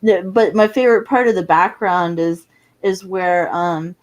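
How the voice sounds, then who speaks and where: A woman's voice: on the low side, fairly even intonation, a little slow, dull audio. A woman co-hosting a podcast, talking loosely in a rambling casual chat. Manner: rambling, loose, many fillers.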